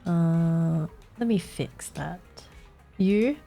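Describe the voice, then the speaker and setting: A young woman streams live, chatting casually and swearing while she fixes her setup, sounding a little congested. Her voice is lowish and mellow, with drawn-out words and vocal fry, and faint music plays behind her.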